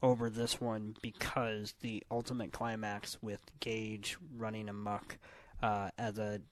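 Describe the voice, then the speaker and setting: A man co-hosting a film podcast, analytical and thoughtful, pausing often with filler words. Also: on the low side, monotone, dry recording. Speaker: podcast co-host. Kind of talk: casual film review chat.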